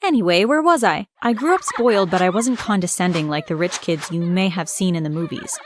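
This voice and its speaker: Animated story narrator: woman, conversational and direct, faint background hiss. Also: on the low side, a little fast.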